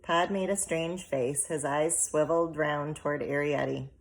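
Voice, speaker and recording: A woman reading a children's novel aloud, in steady, measured narration. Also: low-pitched. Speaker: audiobook reader. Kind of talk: storybook narration.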